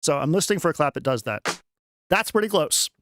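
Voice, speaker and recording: A man casually talking through a music production tutorial on a live stream, chatty and thinking out loud with lots of fillers. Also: on the high side, lively intonation, fairly quick, noisy background. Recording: music playing underneath.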